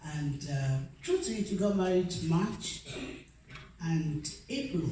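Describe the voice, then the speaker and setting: A woman's voice: sits low, expressive, takes it slowly, mellow, far from the mic. A middle-aged woman tells her personal story at a celebration, earnest and emotional, and acts out each exchange. Her voice is picked up from well away from the mic. It bounces around a very echoey room, with a little background noise. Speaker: speaker giving a personal testimony.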